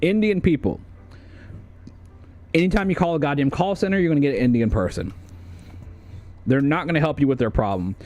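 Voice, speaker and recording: A man's voice: a little high, animated, a little fast, pauses often, darkish tone. A man from the United States doing livestream commentary as he ranks a tier list, rambling and swearing with plenty of fillers and restarts. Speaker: streamer.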